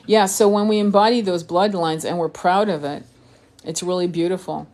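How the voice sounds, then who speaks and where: A woman's voice: on the low side, fairly even intonation, normal speed, darkish tone. A woman born in France, a tarot reader and spiritual coach, chatting casually on a live stream, rambling with frequent swearing, restarts and laughter. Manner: rambling, profane, laughs often, many restarts. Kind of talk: casual live-stream chat reading comments.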